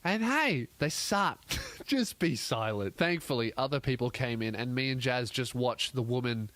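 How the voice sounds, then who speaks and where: A man's voice: mid-range voice, expressive, moderate pace, fairly bright tone, no echo. A man telling a comic story in a sweary, exasperated rant, acting out other people's lines. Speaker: comedian host. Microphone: podcast microphone.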